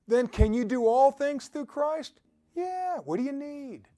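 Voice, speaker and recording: A man's voice: very high-pitched, animated, unhurried, warm tone. A man giving an upbeat motivational talk who exhorts his listeners and often laughs. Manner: quotes scripture. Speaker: motivational speaker.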